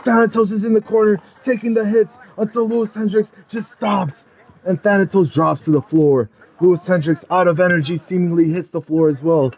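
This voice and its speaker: A man narrating a wrestling video game storyline in a dramatic play-by-play style, building to loud climaxes. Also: high voice, steady tone, a little fast, dull audio.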